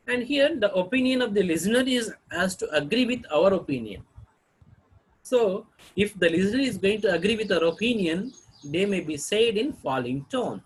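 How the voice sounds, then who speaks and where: Male teacher, husky voice with lively pitch, drills intonation examples by repeating them, clears throat often. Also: moderate pace, low-quality recording. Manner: reads each example sentence twice, clears throat often. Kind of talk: intonation lesson with read-aloud examples.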